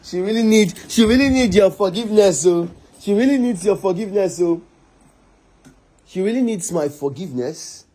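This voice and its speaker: A Nigerian man delivers a heated, scolding rant straight to his online audience, circling back over the same lines in exasperation. His voice sits high for a man and has a husky, breathy edge. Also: animated, moderate pace, warm tone, low-quality recording.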